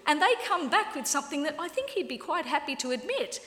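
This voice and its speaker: A woman's voice: sits high, normal speed, slight background noise. Wry woman preaching in echoey hall. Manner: lively, wry, acts out quoted voices. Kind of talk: sermon. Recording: echoey hall with long reverb.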